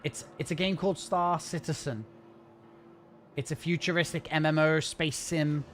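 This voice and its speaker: Fast-talking northern English man streaming. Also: on the high side, steady tone, fairly bright tone. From north of England. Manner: chatty, jokey, talks fast with restarts. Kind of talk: casual gaming livestream chat.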